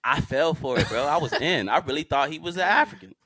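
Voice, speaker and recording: Male co-host, lively pitch swings, slangy and joking, dry close sound. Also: quick pace, no echo. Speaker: podcast co-host. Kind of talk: casual podcast chat.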